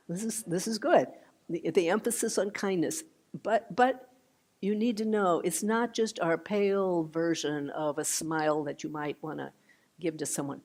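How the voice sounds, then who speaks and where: An older woman giving a meditation talk, gentle and unhurried, with soft trailing phrases and restarts. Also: sits low, creaky, breathy edge. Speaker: meditation teacher. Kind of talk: dharma talk. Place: meditation hall.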